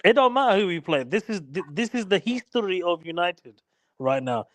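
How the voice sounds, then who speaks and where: A man's voice: high voice, expressive, brisk, no echo. Teasing young man, dry sound. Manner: teasing, repeats words. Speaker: guest. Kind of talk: casual fan banter.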